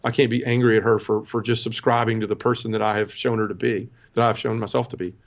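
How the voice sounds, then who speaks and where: A man in his forties, a podcast guest, telling his personal conversion story earnestly and emotionally, with many halting restarts. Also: on the low side, level tone, muffled recording.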